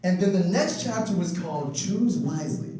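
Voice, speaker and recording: A man doing stand-up, telling comic stories in an animated way and laughing through his jokes, with mock voices for the people he quotes. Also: sits high, normal speed, a crowd in the background. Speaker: stand-up comedian. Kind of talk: stand-up storytelling. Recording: distant mic, echoey room, noisy.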